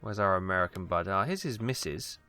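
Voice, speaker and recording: A man's voice: deep voice, animated, brisk, pushed and bright, clean tone, faint music behind. A British man from Wales giving casual, rambling commentary on a game he plays, full of ums and asides, on a close mic at home. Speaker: let's play host.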